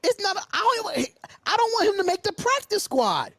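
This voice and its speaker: A man's voice: very high voice, very animated, a little fast, bright, forceful tone, no echo, clean studio sound. A man hosting a sports call-in show, ranting in an indignant, emphatic way and repeating himself. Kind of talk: sports talk livestream rant.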